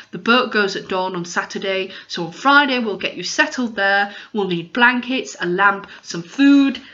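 Lady doing a practical serious boy, kinda flat and firm, muffled audio. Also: mid-range voice, close to an everyday voice. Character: practical, gloomy, self-reliant boy.

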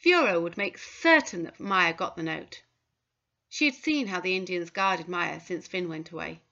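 A woman reads a story aloud with a bright, crisp voice and steady delivery. The audio is a little dull and lo-fi. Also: fairly low pitch, normal speed. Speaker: audiobook narrator. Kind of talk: scripted narration.

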